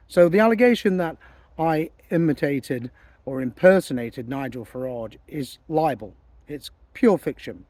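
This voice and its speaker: A man's voice: medium pitch, dark tone, no room sound. A man making an indignant, insistent statement as a political campaigner, repeating himself for emphasis. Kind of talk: recorded monologue statement.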